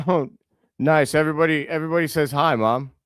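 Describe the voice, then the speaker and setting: Excitable man calling a game live. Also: on the high side, clean tone, no echo. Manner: excitable, scolds players aloud, quick self-corrections. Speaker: live reaction stream host. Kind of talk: live play-by-play reaction.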